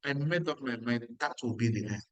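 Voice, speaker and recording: A man's voice: mid-range voice, fairly quick, dry recording, low-quality recording. A middle-aged man with a Nigerian accent giving an emphatic motivational talk as a business mentor, repeating lines and asking the audience questions. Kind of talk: motivational talk at a weekly meeting.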